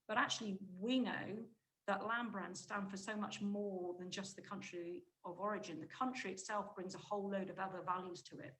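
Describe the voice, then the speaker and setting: A woman giving a conference presentation on shopper research, talking briskly and emphatically with frequent restarts mid-phrase. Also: mid-range voice, steady tone, fairly bright tone, slight background noise, rough recording. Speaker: conference speaker, market insight director.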